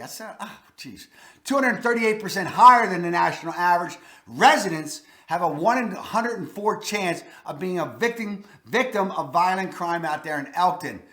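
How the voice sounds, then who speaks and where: Baltimore guy in his 40s ranting thru a countdown, kinda high voice, roomy echo. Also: sharp tone. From Maryland. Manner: blunt, folksy, opinionated. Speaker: real estate video host. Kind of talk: casual countdown commentary. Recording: echoey room.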